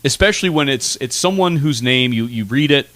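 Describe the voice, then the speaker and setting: A man co-hosts a comedy radio show from a studio and rambles through casual banter. His pitch moves around a lot and the voice sits at a medium height. The sound is dry and close to the mic. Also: brisk, no room sound. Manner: animated and rambling, with frequent fillers.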